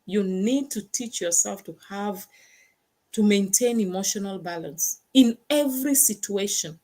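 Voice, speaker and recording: A woman's voice: medium pitch, a little slow, warm tone. A woman hosting a motivational talk, stressing points by repeating words. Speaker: host.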